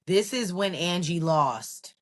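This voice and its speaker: A woman in her thirties co-hosting a podcast, talking in an animated, emphatic way. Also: fairly low pitch, slow. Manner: animated, emphatic, talks straight to people. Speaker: podcast co-host. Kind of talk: casual recap chat.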